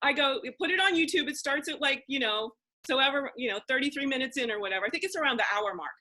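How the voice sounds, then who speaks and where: A woman from Philadelphia hosts a relaxed chat over a video call. Her voice sits high and rings bright, and she talks animatedly, tumbling through restarts and side remarks. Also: fast talker. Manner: animated, excitable, frequent restarts and asides. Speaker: host. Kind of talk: casual video-call conversation.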